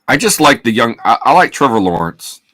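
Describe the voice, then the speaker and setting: A man's voice: mid-range voice, very animated, a little fast, sharp tone. A man co-hosting a sports podcast, giving casual, tired, laid-back commentary while watching a live game.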